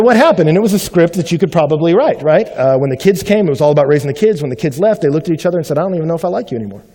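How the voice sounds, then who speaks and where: A man preaching a sermon, telling a story that swings between loud animated bursts and hushed quiet stretches. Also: on the high side. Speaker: pastor. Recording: long hall reverb.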